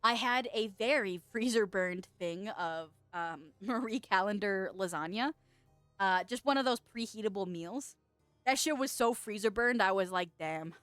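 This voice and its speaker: A young adult woman streamer chatting casually and excitedly with her viewers, laughing often. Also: medium pitch, a little slow, no echo, soft background music. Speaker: streamer and VTuber. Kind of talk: casual livestream chat.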